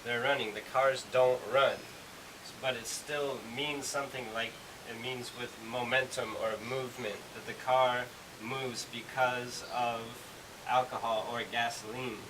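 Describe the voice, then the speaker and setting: A man's voice: medium pitch, flat delivery, measured pace. Guy teaching english, loose and rambly, mid voice, hissy far-off mic. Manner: casual, rambling explanations with many fillers. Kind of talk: explaining a language lesson.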